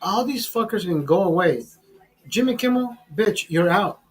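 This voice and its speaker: Husky tipsy man ranting crudely. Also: high-pitched, lively intonation, moderate pace, poor audio. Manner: crude, boastful, swearing constantly. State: tipsy from drinking. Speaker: livestream host. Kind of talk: casual profane rant.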